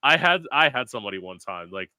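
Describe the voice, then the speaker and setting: A male podcast host chatting casually, telling animated stories and swearing freely. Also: mid-range voice, fast, smooth, no room sound. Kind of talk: casual chat.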